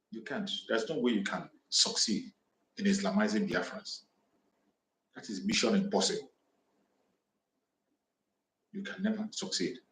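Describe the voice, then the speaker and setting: A man's voice: medium pitch, a bit bright. A man from southeastern Nigeria, making fiery, repetitive, defiant declarations as he hosts an impassioned livestream address on a home microphone. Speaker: activist livestream host. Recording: echoey room.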